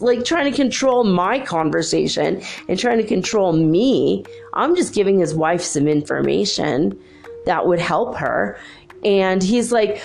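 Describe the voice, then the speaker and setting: A woman's voice: medium pitch, expressive, moderate pace, gravelly, darkish tone. A woman talking in a casual vlog monologue, rambling through a story with lots of filler words.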